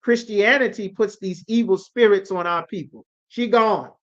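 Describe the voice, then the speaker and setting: A man's voice: sits high, moderate pace. A man teaching a scripture class in an emphatic, sermon-like way, often checking that his listeners understand. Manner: emphatic, repeatedly asks "you understand?". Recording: dull lo-fi recording.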